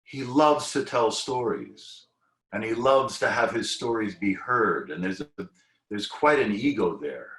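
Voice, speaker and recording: A man's voice: on the low side, expressive, unhurried, fairly bright tone. A man in his fifties, an actor on a discussion panel, reflecting thoughtfully and rambling with restarts over a video call. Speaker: actor guest. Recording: echoey room.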